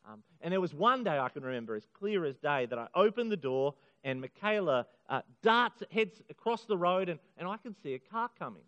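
Middle-aged guy preaching, kinda high voice, earnest, echo trailing off in a big hall, bit muffled. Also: very animated, fairly bright tone. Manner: earnest, emphatic, slows for key phrases. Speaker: pastor. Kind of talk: sermon. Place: church hall. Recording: muffled sound in a hall with long reverb.

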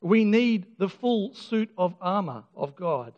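Brief: male pastor, high voice, earnest sermon delivery, heard on a dull, lo-fi recording in a reverberant hall. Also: very animated, takes it slowly, a little mellow. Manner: earnest, emphatic, with repeated restarts and self-deprecating humour. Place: church. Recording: dull lo-fi sound with long church reverb.

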